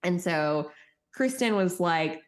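A young woman co-hosting a podcast, chatting casually and animatedly while recapping a reality show. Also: takes it slowly. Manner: animated, acts out quotes with high voices. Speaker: podcast co-host.

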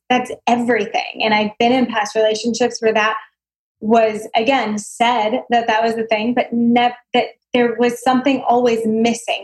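Young woman, higher voice, earnest, reflective, interview guest. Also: darkish tone, low-quality recording. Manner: earnest, reflective, therapy-style wording. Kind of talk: casual interview chat.

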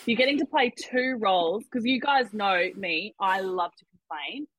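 A young woman talks as a podcast guest in a bright, slightly husky voice. She is animated and swears freely in casual, joking chat. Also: mid-range voice, normal speed, rough recording.

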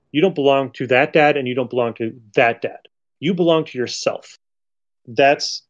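A man talks through a comic page in casual podcast chat, earnest and reflective at a medium pitch. He halts and restarts as he searches for words. The recording is slightly dull and muffled, as if through a cheaper mic. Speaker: comic book podcast co-host.

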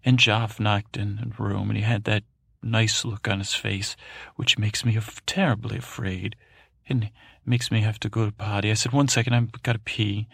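A timid young boy prince rambles through a bedtime story, stammering and halting, as a man puts him on. His voice is gravelly and a little husky, close and dry, with no room around it. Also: fairly low pitch, steady tone, fairly bright tone, no echo, full character voice. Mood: timid, fretful. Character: timid young boy king's brother, fearful, meek. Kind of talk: bedtime story to help sleep.

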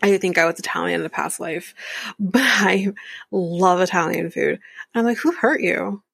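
A woman's voice: lowish voice, normal speed, vocal fry, breathy edge, no echo. A woman hosting a podcast, recapping a reality show in a candid, chatty way with frequent laughs. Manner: chatty, candid, laughs often, drifts into whispered asides. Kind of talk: casual chat.

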